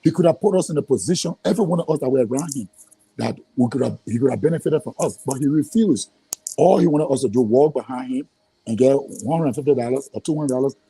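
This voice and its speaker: A man's voice: fairly high pitch, mellow, husky, no echo, low-quality recording. A man with a Liberian English accent, speaking heatedly as an interview guest, often stammering and repeating himself when frustrated. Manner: angry, repetitive, stammering restarts.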